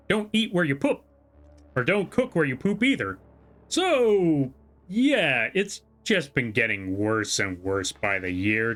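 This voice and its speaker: Bright exasperated guy rambling on his stream, keeps correcting himself, soft music underneath. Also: medium pitch. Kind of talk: casual livestream chat. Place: home room.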